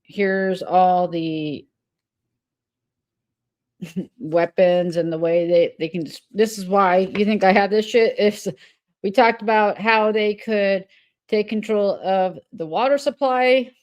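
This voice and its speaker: A woman's voice: medium pitch, fairly even intonation, slow. A woman livestreaming in a rambling, irritated way, swearing often. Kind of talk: casual livestream chat.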